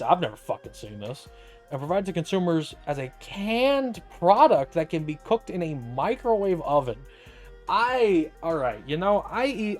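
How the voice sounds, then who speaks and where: A young man streaming, reading an article aloud and riffing on it in a profane, incredulous, joking way. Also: on the high side. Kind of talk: casual reading and commentary.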